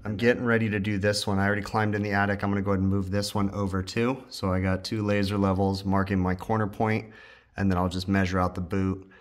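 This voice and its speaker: A man hosting a casual DIY vlog, explaining his HVAC work step by step in a relaxed way with plenty of ums and uhs. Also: low voice, fast talker. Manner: relaxed, explanatory, many fillers like um and uh. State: out of breath. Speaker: HVAC technician and channel host.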